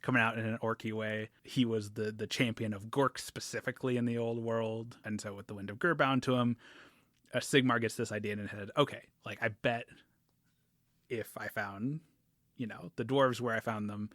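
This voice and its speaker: A man's voice: lowish voice, fairly even intonation, moderate pace, fairly bright tone, dry recording, clean studio sound. A man hosting a casual podcast, recapping fantasy game lore in a rambling way with fillers and frequent laughs. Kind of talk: casual chat.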